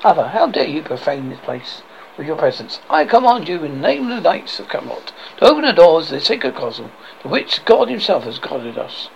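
A solemn medieval king demands entry to a castle, read by a man in his plain voice. The voice is high and gravelly, with lively pitch. He reads his formal commands plainly. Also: a little fast, highs cut off, slight background noise. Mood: commanding.

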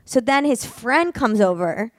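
A young woman who does stand-up comedy, co-hosting a casual podcast and telling an animated, chatty story. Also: fairly high pitch, unhurried, dry recording, studio quality.

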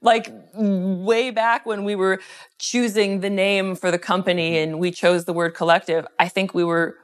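A woman's voice: medium pitch, flat delivery, moderate pace. A middle-aged woman co-hosting a podcast in casual chat, upbeat and enthusiastic, laughing often. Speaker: podcast co-host.

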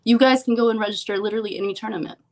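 A woman's voice: mid-range voice, steady tone, racing. A young woman, a professional poker player, talking frankly and casually as an interview guest, with lots of "like" fillers. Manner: chatty, frank, many "like" fillers.

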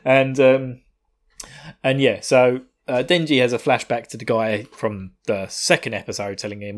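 A man's voice: mid-range voice, moderate pace. A man in a mid-range voice recapping an anime episode for a podcast. He talks casually, swears freely and laughs through his retelling, acting out the lines with relish. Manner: laughing, profane, animated retelling. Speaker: podcast co-host.

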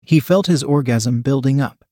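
A man narrating adult fiction in an even, matter-of-fact reading. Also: medium pitch, normal speed, dry recording, clean studio sound.

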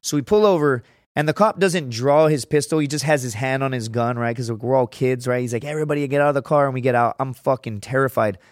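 A man's voice: mid-range voice, brisk, dry recording, studio quality. A young man from Laredo, Texas, telling a story as a podcast guest in a rambling, swearing, casual way. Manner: rambling, heavy swearing, frequent "right?" and "dude".

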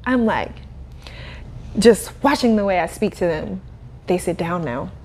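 A young woman guest on a podcast, recounting her path with lots of energy and laughter. Her pitch jumps high when she gets excited, and she slips into quoted voices as she tells the story. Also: a little slow. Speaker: podcast guest, cleaning business owner. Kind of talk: casual storytelling interview.

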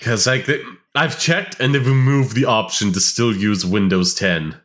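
A man's voice: on the low side, a little slow, a bit bright. A man co-hosting a casual tech podcast, laid-back, mostly reacting with short remarks. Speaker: podcast co-host.

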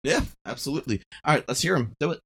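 Podcast host, male, animated, sarcastic, leads the chat. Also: fairly high pitch, creaky, slightly rough. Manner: quick, sarcastic, leads the segments. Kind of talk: casual chat reacting to videos.

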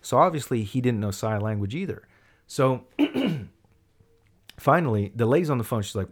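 A man casually telling a story, acting out the people in it with big jumps in his voice. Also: a little fast. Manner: animated, acts out quoted voices with big pitch jumps. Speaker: storyteller in a chat.

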